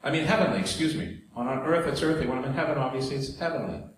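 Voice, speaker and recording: A man's voice: mid-range voice, very fast. A man preaching a sermon in a conversational way, with asides and jokes to the congregation. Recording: very echoey hall, faint background noise.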